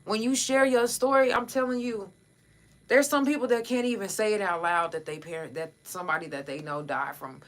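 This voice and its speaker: A woman's voice: medium pitch, fairly even intonation, brisk. A woman hosting a casual livestream podcast who speaks straight to her listeners in an impassioned, blunt and profane way. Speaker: podcast host.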